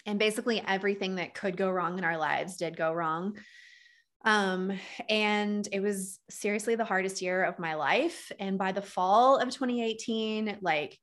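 A woman's voice: medium pitch, normal speed. A woman in her thirties as a podcast guest, telling her own story in a candid, casual way full of "like" and "um". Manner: frequent "like" and "um" fillers, candid and animated.

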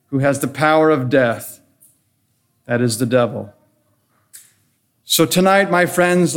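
Male pastor, slightly higher voice, earnest and measured sermon delivery. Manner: earnest, measured preaching with rhetorical questions and enumerated points.

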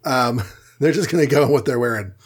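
A man co-hosting a casual podcast, recapping a comic book issue with quick silly voices for the characters. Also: mid-range voice, slightly rough.

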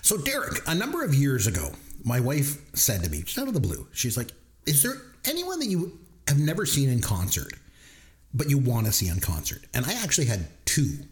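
Animated podcast host with a lively voice. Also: male voice, medium pitch, fairly quick. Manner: animated storyteller, puts on voices when retelling. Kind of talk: casual podcast chat.

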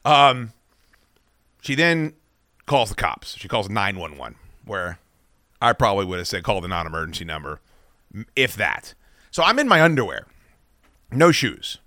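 A male podcast host telling a story in a casual, profane way, his pitch swinging widely as he acts out what he yelled. His voice is bright and forceful. Dry, close studio sound. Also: unhurried, long pauses, no room sound. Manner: profane, animated, acts out his own shouting.

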